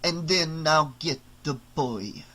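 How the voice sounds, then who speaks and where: A goofy, playful husband, as a man plays him, cracking jokes and hamming it up. His lines come out a little raised and bright compared with the telling around them. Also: fairly high pitch, slow, heavily acted. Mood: mock vampire.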